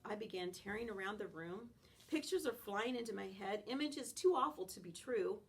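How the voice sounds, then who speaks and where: A woman reading a children's novel aloud in an expressive, animated first-person style. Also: medium pitch, moderate pace. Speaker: audiobook reader.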